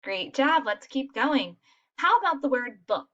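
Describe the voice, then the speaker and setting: A woman with a fairly high, very animated voice leads a lesson for young children. She talks in an encouraging classroom manner. The recording sounds muffled and lo-fi. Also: measured pace. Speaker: teacher. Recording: dull lo-fi recording.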